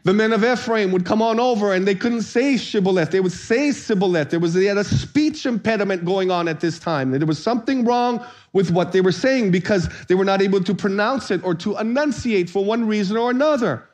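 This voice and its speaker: A man preaching a sermon as pastor, energetic and playful, calling on the congregation to answer back. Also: high voice, a little fast.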